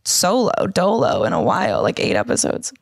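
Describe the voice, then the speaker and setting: Young woman, high, giggly, swearing, rambling podcast co-host. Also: wildly swooping pitch, moderate pace, vocal fry. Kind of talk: casual stoner podcast chat.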